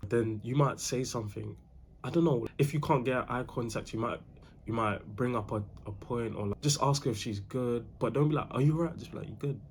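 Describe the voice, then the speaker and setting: With a mid-range voice at a moderate pace, a young man offers laid-back dating advice, full of slang and repetition, addressing the listener as bro. A little hiss or hum can be heard.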